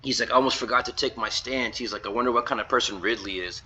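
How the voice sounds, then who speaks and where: Bright-voiced casual male game reviewer. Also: mid-range voice, fast, poor audio. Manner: retells scenes in a loose run of "he's like" quotes, with fillers. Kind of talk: casual commentary video.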